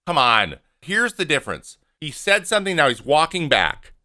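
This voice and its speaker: A man in his thirties giving animated, opinionated casual commentary over game footage, acting out what the players say. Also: a little high, moderate pace. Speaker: podcast host and former pitcher.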